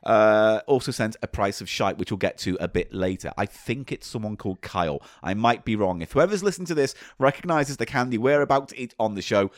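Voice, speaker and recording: A man's voice: on the low side, expressive, a little fast, hardly any pauses, dry recording, studio quality. A man co-hosting a comedy podcast, teasing and laughing through casual banter. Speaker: podcast co-host.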